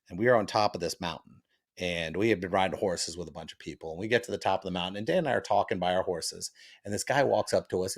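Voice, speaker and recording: Animated, gravelly-voiced radio co-host man. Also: low-pitched. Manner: laid-back, animated storyteller. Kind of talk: casual radio banter and storytelling. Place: radio studio.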